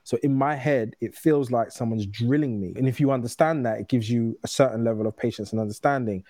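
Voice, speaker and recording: Candid man, mellow low voice. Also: no echo. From United Kingdom. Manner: candid, storytelling, quick restarts. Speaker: guest. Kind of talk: casual conversation.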